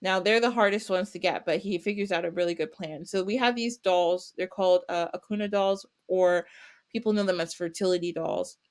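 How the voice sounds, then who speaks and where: A woman's voice: on the low side, fairly quick. Woman on a podcast retelling a folk story, bouncy, does little voices for everyone. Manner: animated, acts out characters with little voices and laughs. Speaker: podcast guest. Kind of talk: casual storytelling.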